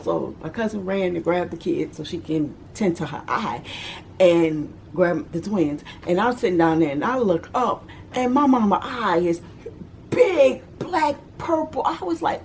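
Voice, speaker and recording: New lady doing a storytime vlog, really animated, swoops all over, bit of faint noise behind. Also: medium pitch, unhurried. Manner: animated, acts out voices and shouts. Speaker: vlogger telling a childhood story. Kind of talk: casual storytime.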